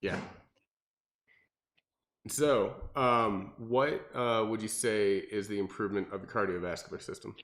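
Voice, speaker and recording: A man's voice: on the low side, steady tone, measured pace, fairly bright tone. A man who works as a personal trainer, asking his client prompting questions in a casual podcast chat. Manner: coaching, asks prompting questions.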